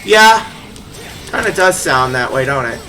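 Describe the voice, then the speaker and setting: A game streamer chatting casually while playing, rambling and giggly, quick to laugh at their own slips. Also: medium pitch, big pitch swings, music in the background. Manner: rambling, giggly, self-deprecating. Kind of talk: casual live-stream chat while gaming.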